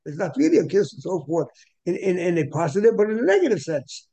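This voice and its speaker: Male Torah teacher, high-pitched and mellow, repetitive and digressive. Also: big pitch swings, quick pace, gravelly. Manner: repetitive, digressive explaining with Hebrew terms. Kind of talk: Torah class lecture.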